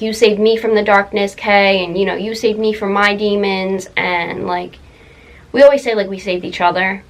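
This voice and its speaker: A young woman telling a personal story in a confessional vlog, halting, full of fillers and close to tears. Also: medium pitch, poor audio. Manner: emotional, halting, many fillers. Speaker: vlogger.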